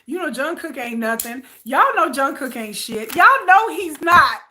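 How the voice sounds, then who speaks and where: A woman vlogger in casual, gossipy commentary, joking and animated as she talks to her viewers. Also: sits high, unhurried, a little hiss or hum.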